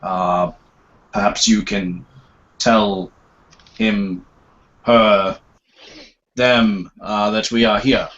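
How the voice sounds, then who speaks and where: A man voicing a formal, polite bearded adventurer in a tabletop game, speaking haltingly. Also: fairly low pitch, steady tone, fairly bright tone, dull audio.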